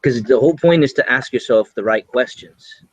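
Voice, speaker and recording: A man's voice: medium pitch, moderate pace, slightly rough, no room sound. A man joining a webinar over a call, chatting casually in a coaching tone. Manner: conversational, coaching tone. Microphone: online call. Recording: dull lo-fi call audio.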